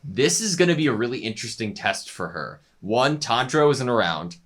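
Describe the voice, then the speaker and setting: A man's voice: mid-range voice, sing-song, fairly quick, a bit bright. A young man co-hosting an anime reaction show, speaking eagerly in a casual discussion and readily agreeing with his co-host.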